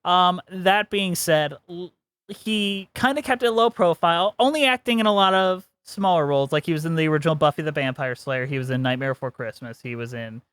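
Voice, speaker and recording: A man co-hosting a podcast, chatting casually and giving firm opinions, laughing often and slipping into quick voice impressions. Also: a little high, a bit bright, clean tone, no room sound. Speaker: podcast co-host. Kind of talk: casual chat.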